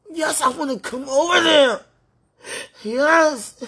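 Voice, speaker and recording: A tearful woman in an emotional spoken prayer, pleading in halting, repeated phrases. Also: fairly high pitch, slightly rough.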